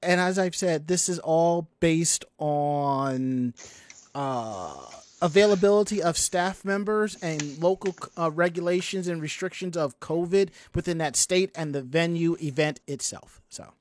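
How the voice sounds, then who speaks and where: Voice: mid-range voice, measured pace, darkish tone, no echo. A podcast host chatting casually in a rambling way, with lots of restarts and asides. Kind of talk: casual chat.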